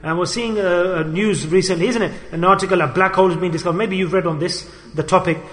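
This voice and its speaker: A man preaching a sermon in a storytelling style, moving between loud emphasis and quiet asides. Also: high voice, steady tone, quick pace. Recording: long hall reverb.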